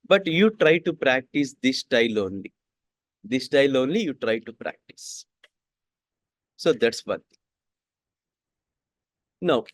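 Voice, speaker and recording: Slow man repeating every line. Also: mid-range voice, dry recording, clean studio sound. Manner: repeats each sentence twice, slow and deliberate. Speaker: coding instructor. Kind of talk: classroom coding lesson.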